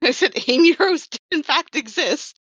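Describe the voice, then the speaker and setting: A woman's voice: sits high, expressive, normal speed, a bit bright, dry recording, dull audio. A woman who worked as a comics writer and colorist, chatting casually on a podcast and rambling with wry self-corrections.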